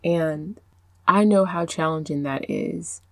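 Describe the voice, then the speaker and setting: Woman, thirties, podcast host, encouraging, slightly low pitch, dry close mic. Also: slow pace, no echo. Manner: warm encouraging, faith-based, speaks straight to listener. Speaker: podcast host and productivity coach. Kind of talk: casual podcast talk.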